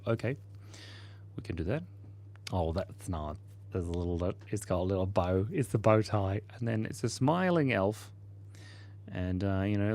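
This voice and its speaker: A goofy, easygoing man in his forties hosts a live drawing stream and banters with his chat. His talk is loose, chatty and playful, and his voice sits at an ordinary middle pitch. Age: 40s. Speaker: livestream host. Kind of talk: casual livestream chat while drawing.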